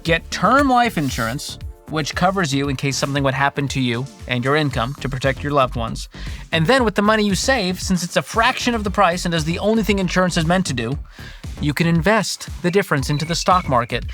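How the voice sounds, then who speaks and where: A man's voice: on the high side, expressive, a little fast, a bit bright, faint music behind. A man hosting a personal finance reaction show, giving casual, comedic commentary in a wry, sarcastic, jokey way.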